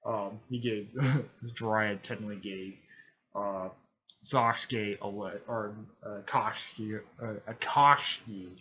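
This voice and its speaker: A man casually retelling a fan-made story, rambling with many fillers and self-corrections, and jumping into quick raised-voice impressions of the characters. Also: little pitch movement, a bit bright, highs cut off. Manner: briefly raises his pitch to act out quoted lines.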